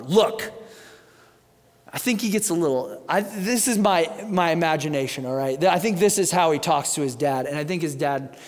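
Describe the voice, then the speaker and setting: Animated pastor in a reverberant church. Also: male voice, a little high, normal speed. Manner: animated storytelling, conversational asides. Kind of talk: sermon. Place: church sanctuary.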